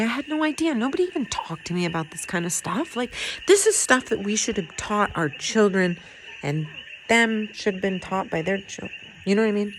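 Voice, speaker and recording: In Puerto Rico, a woman vlogs to the camera in a heartfelt, earnest, rambling way, laughing often as she talks through her feelings. Her voice sits in the mid range, and the audio is poor with slight background noise.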